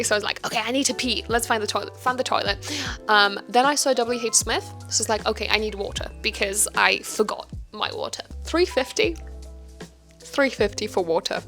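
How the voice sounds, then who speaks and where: A woman's voice: mid-range voice, a bit bright. A young woman telling a casual vlog story, chatty and self-mocking, swearing freely. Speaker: vlogger. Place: hotel room.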